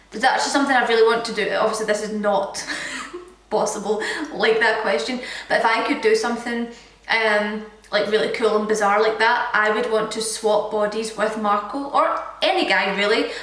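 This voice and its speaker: This fitness vlogger is a young woman from Scotland, in her twenties, loosely answering Q&A questions and leaning on lots of fillers. She has a fairly high, somewhat bright voice, picked up by a distant mic in a room with echo.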